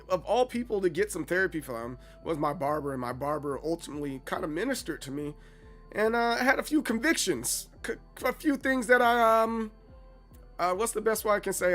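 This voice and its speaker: A man in his thirties chatting casually on a gaming livestream, animated and playfully dramatic. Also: fairly high pitch. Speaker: streamer.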